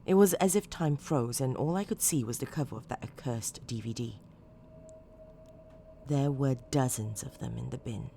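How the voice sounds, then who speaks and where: A woman's voice: rumbling low, moderate pace, vocal fry, dark tone, a little hiss or hum. Woman narrating a horror story. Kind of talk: scripted narration.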